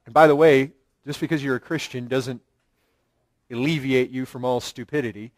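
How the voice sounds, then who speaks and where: A pastor giving an earnest sermon, building emphasis through repeated phrases. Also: male voice, mid-range voice, steady tone, normal speed, dry recording.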